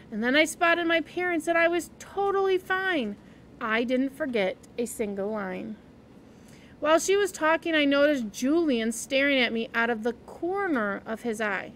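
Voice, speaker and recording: A woman reading a children's novel aloud in an expressive, gentle storytelling manner. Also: sits high, slight background noise. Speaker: reader.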